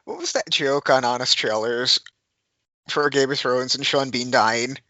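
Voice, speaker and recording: A man's voice: mid-range voice, steady tone, a little slow, sharp tone, no echo. A man co-hosting a podcast in casual chat, arguing his point and laughing often. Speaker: podcast co-host. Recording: dull, dry lo-fi audio.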